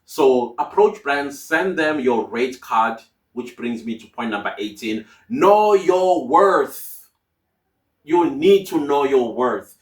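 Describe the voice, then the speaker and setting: A man's voice: medium pitch, animated, unhurried, hardly any pauses. A man giving emphatic, repetitive motivational advice to fellow content creators. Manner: emphatic, repeats key phrases. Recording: roomy sound from a distance.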